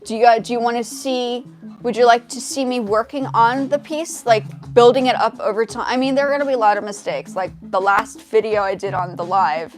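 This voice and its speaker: A woman's voice: fairly high pitch, fairly even intonation, a little fast. A young woman with a light South African accent chatting on a livestream, hesitant and friendly, often restarting her sentences as she answers viewers. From half South African, now living in the States. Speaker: livestream host, music composer. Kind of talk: casual livestream chat with viewers. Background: her music track playing faintly.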